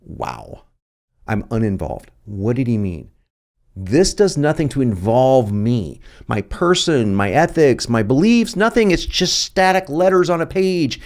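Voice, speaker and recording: A man's voice: mid-range voice, animated, measured pace. A man hosting a copywriting video lesson, talking in a jokey, playful and emphatic way. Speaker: host.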